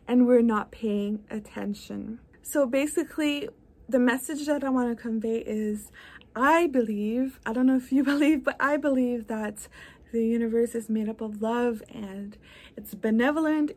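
Earnest, high-voiced woman giving a motivational talk. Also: a little mellow. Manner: earnest, encouraging. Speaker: wellness coach and podcast host.

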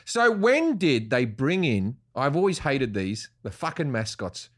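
A man's voice: mid-range voice, sing-song, measured pace. A middle-aged man with an Australian accent hosting a casual podcast chat, joking irreverently, swearing and riffing. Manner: joking, irreverent, swears, riffs in silly voices. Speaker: comedian podcast host.

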